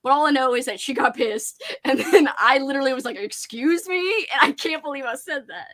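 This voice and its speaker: A woman hosts a casual livestream chat, her voice high and fast as she tells an animated story, dropping "like" into nearly every sentence.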